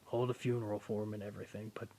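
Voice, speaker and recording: A hoarse man with a sore throat voicing a calm, firm adult man who speaks steadily and softly in a husky voice. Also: lowish voice, rapid-fire. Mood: soothing. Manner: steady, soothing, often hushed.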